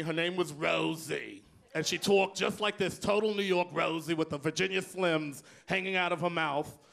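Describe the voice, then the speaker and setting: A man from Texas doing stand-up into a handheld mic, sassy and loud, with sudden whoops. His voice sits fairly high for a man. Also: gravelly. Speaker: stand-up comedian. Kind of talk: stand-up comedy set.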